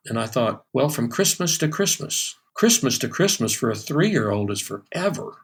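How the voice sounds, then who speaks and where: A man's voice: medium pitch, normal speed, few pauses, husky. Older man telling stories, full of restarts. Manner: animated anecdotes with many restarts and fillers. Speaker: session drummer guest. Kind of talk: storytelling in a podcast interview.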